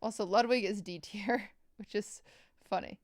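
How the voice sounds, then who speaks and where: A woman's voice: medium pitch, moderate pace, dry recording, studio quality. A woman streamer chatting casually and jokingly with her live chat, thanking subscribers as she goes.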